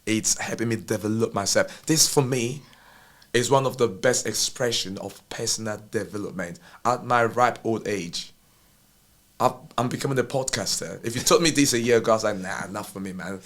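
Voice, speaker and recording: A man's voice: on the low side, moderate pace, a bit bright. A man co-hosting a podcast, talking in a rambling, self-deprecating way with many restarts. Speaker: podcast co-host. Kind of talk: casual podcast chat.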